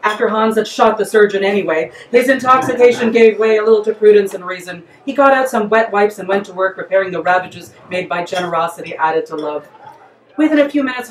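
A woman author reading her comic story aloud in a lively, playful way. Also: mid-range voice, roomy sound, distant mic, poor audio. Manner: lively, playful, breaks into laughter.

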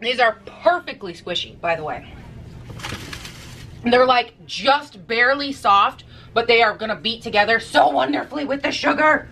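A woman's voice: on the high side, expressive, normal speed, fairly bright tone, far from the mic, a little hiss or hum, poor audio. Sassy, chatty young woman baking at home. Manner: sassy, chatty, swears casually. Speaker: vlogger. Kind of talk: casual chat while baking. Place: home kitchen.

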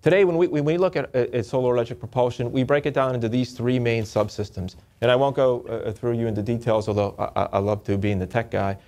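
A man giving a technical presentation to an audience, often restarting and repeating words in a halting, upbeat way. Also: mid-range voice, steady tone, a little mellow.

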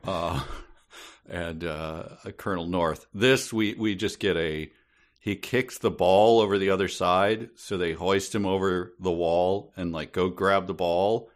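A man's voice: deep voice, steady tone, a little slow. A man co-hosting a casual book podcast, delivering dry, sardonic complaints about the book. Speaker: podcast co-host.

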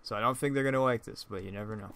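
A man's voice: mid-range voice, rapid-fire, fairly bright tone, clear, resonant tone. A man giving casual, joking commentary over his own gameplay, laughing often and stumbling over his words. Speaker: gaming YouTuber.

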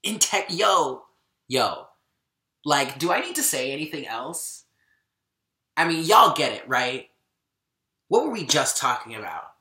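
A woman's voice: deep voice, very animated, unhurried, long pauses, bright, forceful tone, echoey room. A woman giving a casual tarot card reading to camera, emphatic and fired up, repeating lines for stress and dropping slang.

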